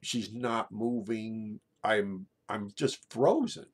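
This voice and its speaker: A middle-aged man telling a true personal story in a halting way, often repeating and restarting his words. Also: on the low side.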